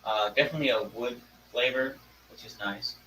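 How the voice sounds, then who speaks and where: A man in a casual chat who talks softly and offhandedly. He sits back from the microphone in an echoey room with faint hiss behind him. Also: mid-range voice, a little fast, far from the mic. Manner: soft-spoken, offhand. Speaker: co-host.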